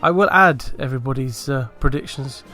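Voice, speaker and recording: A man hosting a casual sports podcast, running through predictions with a brisk, teasing manner. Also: medium pitch, bright, forceful tone, faint music behind. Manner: brisk, teasing, runs the segment. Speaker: podcast host.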